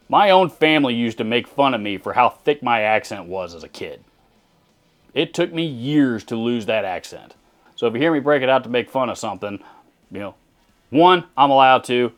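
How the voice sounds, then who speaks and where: A man's voice: medium pitch, lively intonation, normal speed. A man from Texas hosting a channel, answering viewer comments in blunt, sarcastic casual commentary with many restarts.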